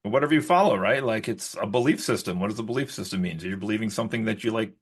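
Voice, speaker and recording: A man's voice: racing, slightly rough. A man co-hosting a podcast in casual chat, rambling with lots of likes and restarts. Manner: rises high when mimicking others. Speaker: podcast co-host.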